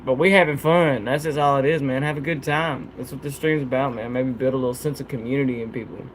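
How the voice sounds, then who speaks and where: A man's voice: mid-range voice, fairly even intonation, fast, a little hiss or hum. A young man hosting a casual livestream, laid-back and slangy, joking and laughing often. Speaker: livestream host.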